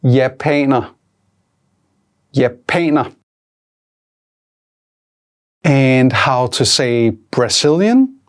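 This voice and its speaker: A language teacher running a vocabulary drill at an unhurried, careful pace. Each word is spoken clearly and then repeated for the learner, in a mid-range voice that is neither high nor low. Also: expressive. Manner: slow, deliberate, repeats each Danish word twice.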